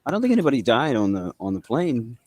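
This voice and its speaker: A man's voice: medium pitch, huge pitch swings, quick pace, a little mellow. A man with a New England accent hosting a live trading stream, bantering casually, swearing freely and reading chat messages aloud. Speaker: livestream trading host.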